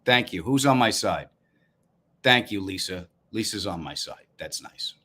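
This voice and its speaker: A man with a Long Island New York accent, a comedian hosting a casual live stream, telling stories in a wry, deadpan way with asides to viewers. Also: on the low side, a little slow. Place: apartment room, indoors.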